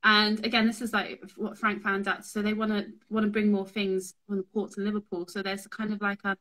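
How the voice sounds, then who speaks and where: Young woman chatting away, bright voice, keeps restarting and laughing. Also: medium pitch, level tone, brisk, low-quality recording. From London. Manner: rambling, laughs often, many restarts. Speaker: guest, fabric business owner. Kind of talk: casual chat on a livestream.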